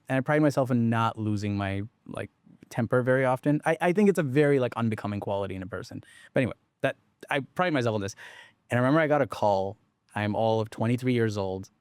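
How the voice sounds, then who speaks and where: A man founder telling a story in casual conversation, rambling and animated with lots of fillers, restarts and the odd swear. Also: medium pitch, no echo. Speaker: startup founder.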